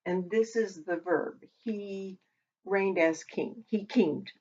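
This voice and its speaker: A woman teaching a language lesson who talks while she writes, pausing and correcting herself as she goes. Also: medium pitch, darkish tone, slightly rough. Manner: talks while writing, with pauses and self-corrections. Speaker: Hebrew teacher. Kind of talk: slow, patient lesson at a whiteboard. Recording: dull lo-fi recording.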